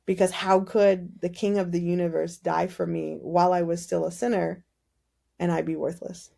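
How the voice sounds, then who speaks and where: A woman guest on a podcast, telling her faith story in casual, animated conversation and acting out the dialogue. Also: on the low side, moderate pace, gravelly. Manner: animated storytelling, many "like" fillers, acts out dialogue. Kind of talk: personal testimony in casual conversation.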